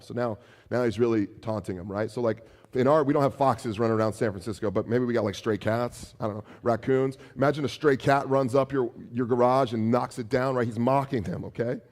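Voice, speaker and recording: A man preaching as pastor, animated, acting out taunts in a raised voice, with some restarts. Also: medium pitch, fairly quick, long reverb tail. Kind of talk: sermon.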